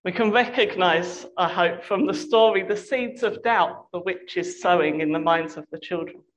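A woman reading a novel aloud in a measured, expressive storytelling voice. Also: fairly low pitch, poor audio. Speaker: reader.

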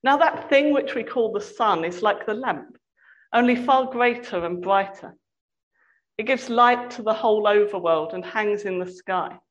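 A woman's voice: mid-range voice, a little slow, muffled recording, lightly acted. A woman doing a cold, formal young prince. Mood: cold polite. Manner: cold and polite.

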